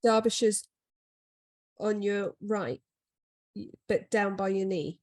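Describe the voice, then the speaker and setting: Woman, podcast co-host, casual chat, rambling, self-deprecating, mid pitch. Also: steady tone, slow pace, a little mellow.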